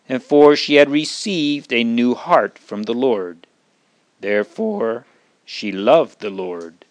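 A man reading a Bible story aloud to children in a slow, earnest, solemn manner. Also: mid-range voice, no echo.

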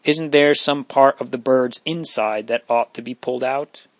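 A man voicing an earnest, brave young noble boy in an audiobook, with gentle emphasis. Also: medium pitch, steady tone, normal speed, no echo, close to an everyday voice. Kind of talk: audiobook reading.

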